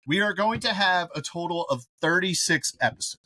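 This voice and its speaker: A middle-aged man co-hosting a casual podcast, telling animated stories and swearing freely. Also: high-pitched, brisk, slight background noise. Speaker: podcast co-host. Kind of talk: casual chat.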